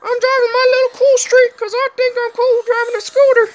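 A man voicing a smug little boy ragdoll riding a scooter, in a mocking squeaky voice. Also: little pitch movement, a little fast, a little hiss or hum.

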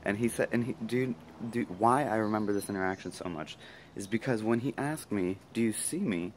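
A man talking casually to his camera, rambling fast with many fillers and asides. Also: lowish voice, slight background noise. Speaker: vlogger. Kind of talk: casual reflective monologue.

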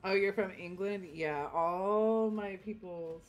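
A woman's voice: mid-range voice, slow pace, faint music behind. A woman co-streaming with a friend, chatting casually and profanely while gaming, often breaking into laughs. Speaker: co-streamer guest. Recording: noisy mic with clicks.

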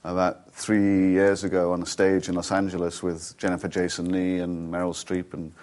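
A man in his forties with a fairly low voice, a guest on a studio talk show. He tells rambling, self-deprecating anecdotes with dry amusement. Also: completely flat delivery, normal speed, darkish tone. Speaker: actor guest. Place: television studio.

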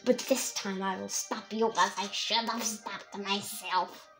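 A woman's voice: mid-range voice, normal speed, bright, forceful tone, soft background music. A woman voicing a brooding male game villain with a put-on foreign accent and a theatrical evil laugh. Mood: menacing.

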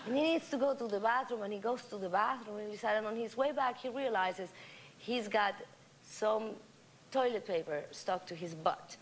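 A woman's voice: mid-range voice, normal speed, very noisy. Laughing Mexican-accented woman telling a joke. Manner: laughing, animated storytelling with voiced characters. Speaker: talk show guest. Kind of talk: casual chat. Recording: 1990s-2000s VHS TV broadcast, studio audience.

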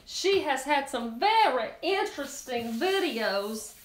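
A woman's voice: sits high, big pitch swings, slow pace, roomy sound. A woman hosting a live cooking demonstration, chatty and bubbly as she talks straight to her viewers in a kitchen. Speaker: cooking show host.

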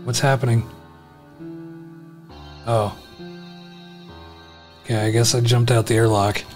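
A man giving casual let's-play commentary, talking to himself, laughing often, swearing and reacting loudly. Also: mid-range voice, level tone, takes it slowly, soft background music. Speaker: gameplay commentator.

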